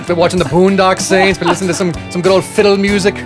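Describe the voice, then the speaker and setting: Fast-talking joking male co-host. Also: high-pitched, level tone, music in the background. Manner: joking, quick banter. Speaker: podcast co-host. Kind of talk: casual podcast chat.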